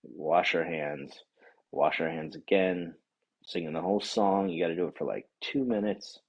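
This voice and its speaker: A man telling a profane, animated rant about a bad day out, acting out the other people in the story. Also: extremely low pitch, moderate pace, vocal fry, husky, highs cut off. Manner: animated, swears a lot, acts out voices of others. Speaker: vlogger.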